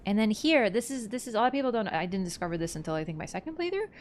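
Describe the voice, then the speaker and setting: A woman's voice: medium pitch, lively intonation, rapid-fire, slight background noise. A woman streaming a game, talking casually through its lore, thinking aloud and answering her chat. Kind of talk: casual livestream lore commentary.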